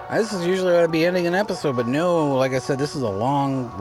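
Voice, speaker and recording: A man's voice: sits high, fairly quick. A man giving casual let's-play commentary over his game, rambling and often restarting his sentences. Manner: rambling, repeats and restarts himself. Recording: game music audible underneath. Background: game music.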